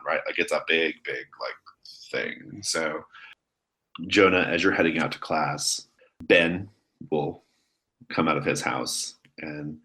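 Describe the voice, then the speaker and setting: A man's voice: sits low, fairly bright tone. A man narrating as game master in a casual tabletop role-play, talking loosely with many fillers.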